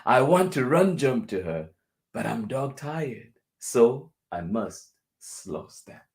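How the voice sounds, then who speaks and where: A man reading a picture book aloud for children, going over each passage twice in a gentle way and chuckling softly between lines. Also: mid-range voice, sing-song, slow. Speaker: children's storyteller.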